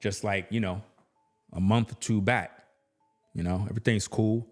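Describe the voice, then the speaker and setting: A man's voice: fairly low pitch, steady tone, moderate pace, faint music behind. Laid-back man. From New York. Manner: laid-back, chatty, peppered with "you know what I mean". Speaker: YouTube commentator. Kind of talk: casual commentary.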